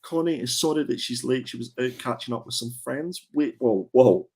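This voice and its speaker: A man's voice: mid-range voice, a little fast, slightly rough. Chatty man hosting a stream. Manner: chatty, rambling, joking, with frequent fillers and restarts. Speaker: co-host of a comics show. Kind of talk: casual livestream chat.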